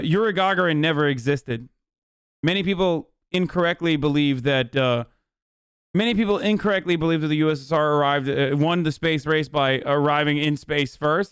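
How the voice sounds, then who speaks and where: A man's voice: on the high side, clear, resonant tone, no echo, clean studio sound. A young adult man doing casual livestream commentary in a sarcastic, profane and mocking way. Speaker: streamer.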